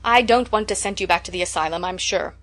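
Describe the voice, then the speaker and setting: A woman voicing a stern, practical middle-aged spinster who talks in a brisk, scolding way. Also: fairly low pitch, a bit bright, lightly acted.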